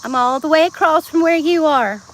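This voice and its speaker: A Southern-accented woman from Georgia chats casually with her live-stream viewers outdoors, laughing often and breaking into bits of songs. Her voice is high and brisk, and her phone mic picks up a little hiss or hum.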